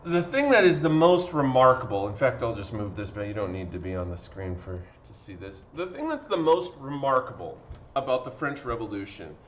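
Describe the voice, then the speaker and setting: A man's voice: medium pitch, very animated, moderate pace, a little hiss or hum. Tired man teaching history. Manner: conversational, acts out quotes with fillers. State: tired from talking. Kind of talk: classroom lecture.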